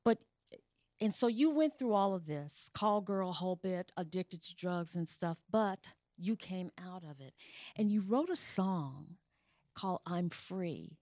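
A woman's voice: fairly low pitch, lively intonation, unhurried, darkish tone, no room sound, studio quality. A woman hosting an interview show, encouraging her guest and introducing a song. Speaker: talk show host.

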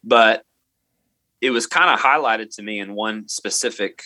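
A man's voice: fairly low pitch, a little slow, pushed and bright, no room sound. A man, a middle school teacher, earnestly telling a personal story in an interview and quoting what he and others said.

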